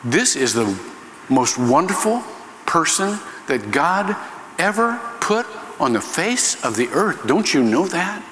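A man's voice: a little high, very animated, slow pace, a bit bright, slight background noise, exaggerated voice. A man voicing a humble young man who speaks about a woman with earnest awe. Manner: earnest, awed. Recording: echoey hall reverb.

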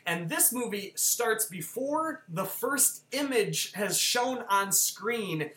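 A podcast co-host recaps a film in loose, animated chat, leaning on fillers and quick laughs. The voice is bright and of middling pitch. The room adds a noticeable echo. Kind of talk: casual film discussion. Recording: roomy echo.

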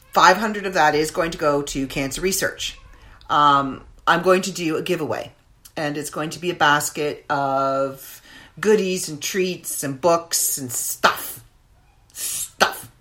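A woman's voice: sits low, fairly bright tone. A woman hosting her own podcast in casual, rambling chat, with many fillers. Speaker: podcast host.

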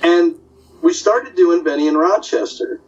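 A man who works as an animation story artist, chatting casually and telling animated anecdotes. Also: high-pitched, measured pace. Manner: animated storyteller, slips into character voices. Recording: distant, dull lo-fi audio.

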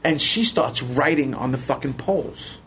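A man, a podcast guest telling animated, profane stories and laughing as he goes. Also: medium pitch, moderate pace, a little hiss or hum. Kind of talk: casual storytelling.

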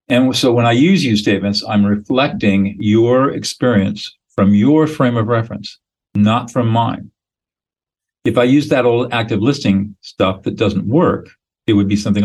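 A man's voice: mid-range voice, normal speed, poor audio. A man speaking as a guest expert in a podcast interview, explaining in a blunt, emphatic, lecturing way with short declarative statements.

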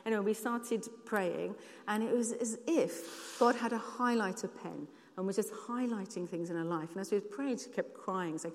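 A woman's voice: medium pitch, moderate pace. A woman giving a church sermon, telling personal stories in an earnest, conversational way. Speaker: church speaker. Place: church hall. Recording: long hall reverb.

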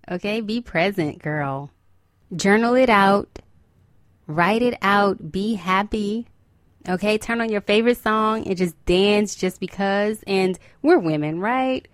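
A woman's voice: mid-range voice, dry recording, clean studio sound. A woman hosting a podcast, talking in an upbeat, chatty and encouraging way and laughing often. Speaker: podcast host. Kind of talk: casual motivational podcast talk.

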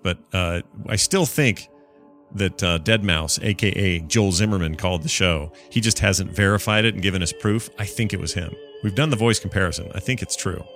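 A man hosting a podcast, chatting casually with an excitable, joking manner. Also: lowish voice. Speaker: podcast host.

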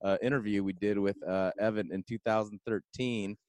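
A man's voice: on the low side, fairly even intonation, fairly quick, darkish tone, no echo. A man hosting a casual interview, easygoing, often saying "man". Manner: easygoing, calls guest "man". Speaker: interview host.

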